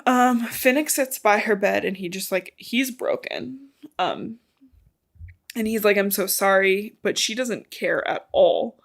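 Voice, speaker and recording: A woman's voice: medium pitch, sing-song, slow pace, gravelly. Casual young woman recapping a book. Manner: swears casually, acts out characters' lines while retelling. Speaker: podcast co-host.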